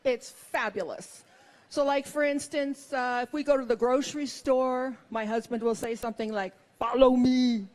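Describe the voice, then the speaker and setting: A woman's voice: sits high, normal speed. A middle-aged woman performing a stand-up comedy set, with wry, self-mocking punchlines.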